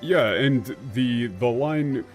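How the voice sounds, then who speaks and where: A man at a middling pitch rants as a game streamer, his speech peppered with profanity and exasperation. Quiet music plays beneath his voice. He talks like someone who has had enough of bad writing. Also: takes it slowly. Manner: ranting, exasperated, swears often. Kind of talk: profane commentary on a game translation.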